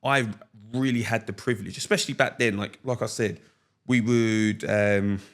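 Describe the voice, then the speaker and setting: A young man, a podcast guest telling stories in casual chat, slangy and animated, laughing often. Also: on the low side, moderate pace.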